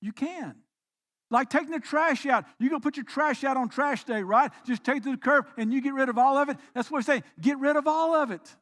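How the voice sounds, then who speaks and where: A man with a very high voice preaches from the pulpit. He drops into quiet, reflective passages, then rises into emphatic, pressing exhortation. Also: a little fast. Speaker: pastor. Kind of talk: sermon. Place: church.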